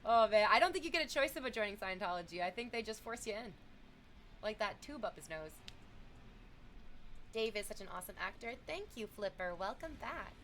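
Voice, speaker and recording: A young adult woman livestreaming, chatting casually with viewers, thanking subscribers and reading chat messages aloud in an animated way. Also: medium pitch, fairly quick, a little hiss or hum.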